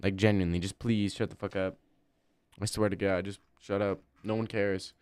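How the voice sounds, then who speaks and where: A young man livestreaming and chatting casually, reading chat and answering with crude, deadpan banter. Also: lowish voice, normal speed, clear, resonant tone, no echo.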